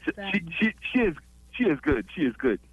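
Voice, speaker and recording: A man's voice: high-pitched, very animated, fairly quick, gravelly, husky, dry recording. Male call-in listener, muffled dry line, chatty. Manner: repeats "you know what I mean". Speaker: caller. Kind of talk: phone-in call.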